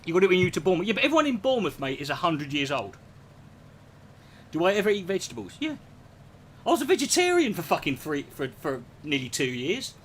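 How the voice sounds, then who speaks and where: A man's voice: high voice, big pitch swings, fast, a bit bright, slight background noise. A man, ranting casually to his chat, sweary and sarcastic. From England. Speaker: streamer answering chat. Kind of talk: casual profane rant.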